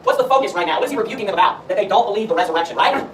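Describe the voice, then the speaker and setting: A man's voice: high voice, animated, rapid-fire, fairly bright tone. A man preaching a sermon and reading scripture aloud, emphatic and full of rhetorical questions. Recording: roomy echo, far from the mic, faint room noise.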